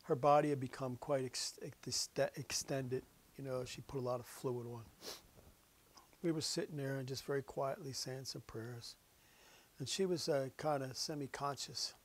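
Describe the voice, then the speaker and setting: A middle-aged man, a pastor, telling a personal story in a folksy, conversational way during a meditation, sometimes dropping to a hushed whisper. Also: medium pitch, steady tone, normal speed. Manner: drops to a hushed whisper for solemn moments.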